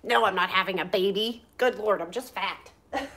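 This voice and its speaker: A woman's voice: mid-range voice, normal speed, sharp tone, slight background noise. A woman in her thirties chatting casually to her viewers while cooking at home, laughing often and breaking off to talk to her kids. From Pennsylvania, US. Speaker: vlogger. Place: home kitchen.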